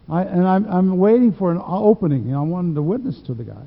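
A man's voice: sits high, lively intonation, fast, in a large hall, dull audio. A man preaching a sermon, telling stories in a folksy way, with frequent restarts. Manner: folksy storytelling with repeated restarts.

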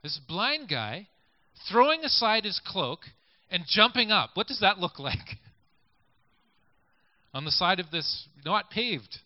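A male preacher works through a scripture passage in a relaxed, conversational sermon. His pitch sits fairly high and swings widely, rising and dropping with each point. The sound is dull and lo-fi. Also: slow pace, no room sound. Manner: conversational, invites listeners to picture scenes. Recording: dull lo-fi recording.

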